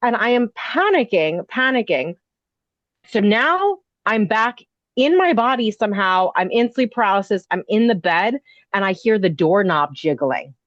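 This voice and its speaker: Her mid-range voice is sing-song and measured in pace, with no room sound, on dull, dry lo-fi audio. As a podcast guest who owns an inn, she recounts a personal ghost story in a breathless ramble crowded with "like" and "you know."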